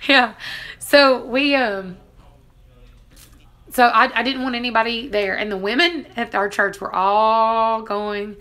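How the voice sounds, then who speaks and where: A woman's voice: a little high, steady tone, slow, fairly bright tone. A woman in her thirties, chatting casually on a live stream, laughing often and acting out what people said. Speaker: vlogger reading live chat.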